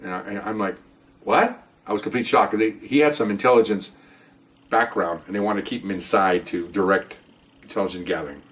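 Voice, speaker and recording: An older man, a retired police officer, telling stories from his career in a casual, animated way, acting out the people he quotes. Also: fairly low pitch, fast talker, far from the mic. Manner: animated, acts out quoted voices. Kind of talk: casual storytelling.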